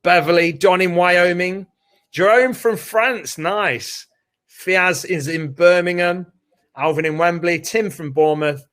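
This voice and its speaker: A British man with a somewhat high voice co-hosts a live online training session from his home. He talks in a casual, chatty, upbeat way, reading out names of people joining. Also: measured pace, a bit bright. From United Kingdom. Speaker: co-host of a live training webinar. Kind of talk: casual live-stream chat. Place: home room with doors open.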